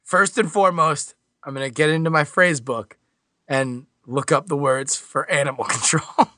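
A man's voice: fairly high pitch, normal speed, pushed and bright, no room sound, studio quality. A man playing a joking cop in an improvised tabletop game, bantering with the other players. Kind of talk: improvised tabletop role-play.

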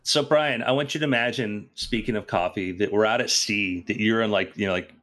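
A man's voice: fairly low pitch, fairly even intonation, fairly quick, fairly bright tone. A man co-hosting a podcast, telling a playful story in casual banter. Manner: playful storyteller, puts on silly voices. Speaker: co-host.

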